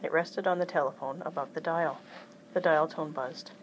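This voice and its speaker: A woman reading a children's chapter book aloud in an even storytelling manner. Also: sits low, normal speed, slight background noise, rough recording. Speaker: reader.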